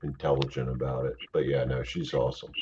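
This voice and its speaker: A man's voice: a bass voice, level tone, brisk, mellow. A man hosting a casual late-night livestream, rambling and swearing freely as he chats with guests. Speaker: livestream host. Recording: dull lo-fi stream audio with faint hiss.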